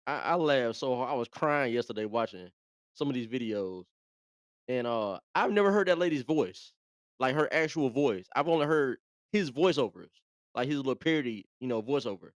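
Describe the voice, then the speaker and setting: A man's voice: medium pitch, animated, moderate pace, dry recording, clean studio sound. Chatty man hosting a live show. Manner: laid-back, chatty, repeats himself. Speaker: host. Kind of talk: casual live commentary.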